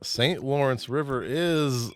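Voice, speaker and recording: A man's voice: mid-range voice, takes it slowly, loud music behind the voice. A man hosting a trivia game show, reading clues and joking playfully with the players, laughing often.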